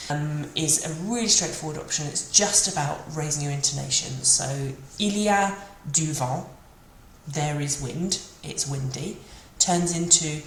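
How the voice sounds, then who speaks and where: A woman teaching a beginner language lesson, patiently repeating phrases slowly for learners. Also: deep voice, a little hiss or hum. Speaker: French teacher. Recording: roomy with faint ambience.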